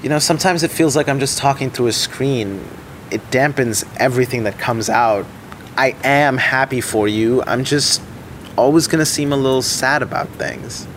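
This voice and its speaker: A man's voice: medium pitch, normal speed, slight background noise. A young man narrating an audio drama in the first person, anxious and self-deprecating, with faint music underneath. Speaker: narrator and lead character.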